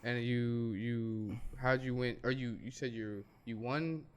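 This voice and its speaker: A man hosting a casual interview, asking curious, playful questions and repeating words when excited. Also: mid-range voice, slow, clean tone. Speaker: interview host.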